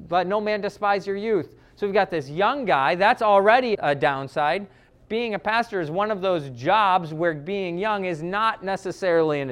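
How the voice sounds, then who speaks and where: A man's voice: fairly high pitch, smooth. A middle-aged man preaching a sermon as pastor, driving points home with emphatic repetition and rising intensity.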